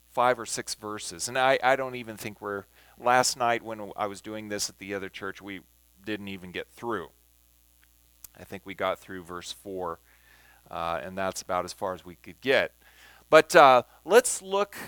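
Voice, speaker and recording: A man leading a Bible study at an unhurried, careful pace. His pitch moves widely as he stresses words, and the recording is dry and close. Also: a bit bright, no echo. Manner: slow and deliberate, emphasizing words when reading scripture. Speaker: Bible teacher.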